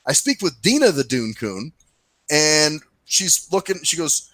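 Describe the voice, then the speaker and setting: Animated swearing male ranter. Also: fairly high pitch, brisk, no room sound, rough recording. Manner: ranting storyteller, animated, swears freely; mimics people in put-on voices. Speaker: podcast co-host. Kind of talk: casual profane chat.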